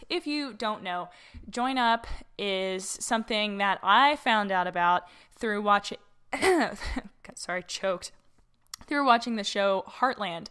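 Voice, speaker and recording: A young woman hosts a casual solo podcast, chatting with frequent fillers and laughs. She records on her own mic in a borrowed house with a slightly echoey room, and her mid-range voice sounds clean and a bit bright.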